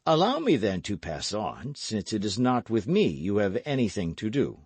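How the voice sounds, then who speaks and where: A man's voice: lowish voice, huge pitch swings, moderate pace, darkish tone, breathy edge, dry recording, exaggerated voice. A man reading a composed foreign lord, dry and close. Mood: cool. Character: noble foreign male lord, composed and cool. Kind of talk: audiobook character voice.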